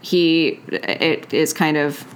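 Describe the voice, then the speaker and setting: A woman's voice: sits low, steady tone, very slow, a little hiss or hum. A young woman co-hosting a comics podcast in casual chat, loose and joking with frequent laughs.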